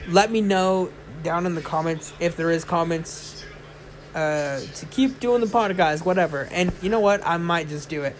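A man's voice: on the high side, moderate pace, slight background noise. A tired young man hosting a casual solo podcast late at night. He talks in a rambling, chatty way with many fillers. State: tired, yawning. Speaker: podcast host. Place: indoors, lying in bed.

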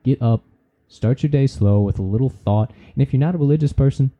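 A man's voice: medium pitch, a little fast, muffled recording. A man hosting a podcast, giving a casual, preachy motivational talk with folksy slang and the odd swear word. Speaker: podcast host.

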